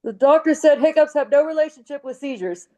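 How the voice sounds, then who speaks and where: A young woman co-hosting a casual podcast chat, talking in quick fragments with frequent giggles. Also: sits high, mellow. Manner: chatty and giggly, tells things in quick fragments. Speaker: podcast co-host living with seizures.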